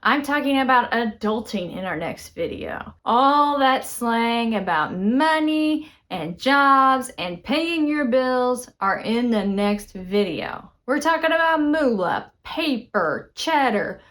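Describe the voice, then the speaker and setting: A woman's voice: on the high side, takes it slowly, few pauses. Texan woman teaching spoken English. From Texas. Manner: expressive, chatty, playful. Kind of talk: casual spoken English lesson.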